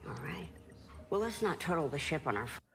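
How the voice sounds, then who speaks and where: A woman's voice: deep voice, animated, brisk, slightly rough, exaggerated voice. An older actress playing a tired starship officer in game trailer dialogue, her voice worn. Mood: weary.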